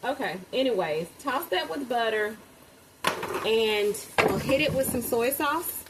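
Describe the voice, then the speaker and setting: A woman's voice: fairly high pitch, measured pace. Chatty woman cooking over sizzling pan. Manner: chatty, addresses viewers as "y'all", excitable exclamations. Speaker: home cook vlogger. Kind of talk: casual cooking vlog chat. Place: home kitchen. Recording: kitchen sizzle and frying noise behind.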